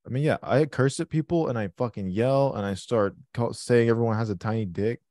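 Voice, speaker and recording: A man hosting a live trading stream, chatting casually, excitable and swearing constantly. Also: medium pitch, a little fast, dry recording, clean studio sound. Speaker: livestream trading host.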